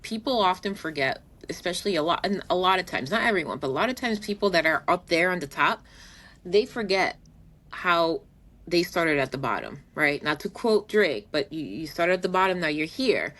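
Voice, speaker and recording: A woman's voice: on the low side, lively intonation, normal speed, a bit bright. Frank, emphatic woman co-host. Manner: frank, emphatic, acts out quoted voices. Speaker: podcast co-host. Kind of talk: casual conversational podcast talk.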